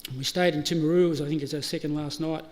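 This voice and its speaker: Racing through his stories, a middle-aged Australian man delivers a chatty funeral eulogy with laughter and restarts. His voice is a little high and darkish, with fairly even intonation, heard on a live stream with hall reverb.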